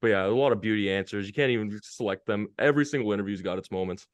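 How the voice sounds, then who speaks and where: Guest, male, low-ish smooth voice, dry close sound, upbeat slangy storyteller. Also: rapid-fire, no echo. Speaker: guest, hockey media interviewer. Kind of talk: casual podcast chat.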